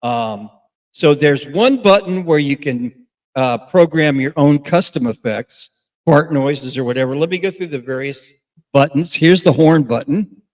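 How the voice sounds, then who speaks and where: Middle-aged male radio host, loose rambling review, slightly high voice. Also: a little slow. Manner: rambling, many fillers and restarts. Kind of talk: casual product review.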